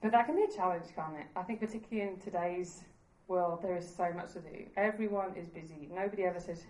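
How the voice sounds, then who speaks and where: A woman's voice: lowish voice, fast, few pauses, echoey room, poor audio. A woman preaching a sermon in an earnest, conversational way, laughing at herself now and then.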